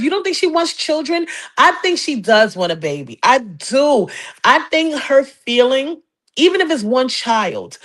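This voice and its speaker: A woman hosts a casual call-in gossip show. She talks in a sassy, emphatic way, hammering her points with repetition. Her voice sits a little high. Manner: sassy, emphatic, repeats phrases. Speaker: podcast host.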